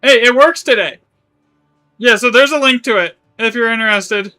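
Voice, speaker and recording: A man's voice: very high voice, moderate pace, sharp tone, soft background music. A man streaming a game live, chatting casually in a rambling way, correcting himself as he goes and swearing now and then. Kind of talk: live gaming stream chat.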